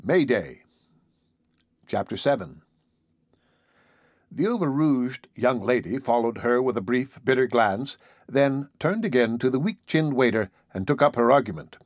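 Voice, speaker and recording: A man narrating a classic short story in a measured, even reading. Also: medium pitch, no echo, studio quality. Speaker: audiobook narrator. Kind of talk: scripted narration.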